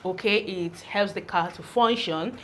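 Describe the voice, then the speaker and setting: A woman teaching pronunciation at an unhurried, careful pace. She sounds out each letter and repeats every word over and over, her pitch sitting in a middle range. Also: a bit bright, slight background noise. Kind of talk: slow, deliberate classroom teaching.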